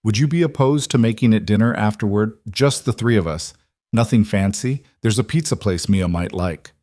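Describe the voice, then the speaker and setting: A man's voice: fairly low pitch, moderate pace, darkish tone, dry recording, clean studio sound, natural voice. A man voicing a self-assured woman executive in audiobook dialogue, firm and direct. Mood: earnest.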